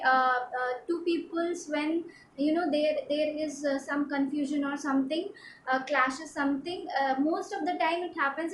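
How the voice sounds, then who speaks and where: A woman from India, a personality development trainer, giving a halting instructional talk with many fillers and repeats. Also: high voice, reverberant, slight background noise, poor audio.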